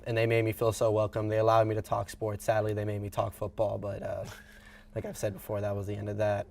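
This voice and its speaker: A young man giving an earnest, chatty farewell speech as a co-host in a studio, slightly choked up. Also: lowish voice. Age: young adult.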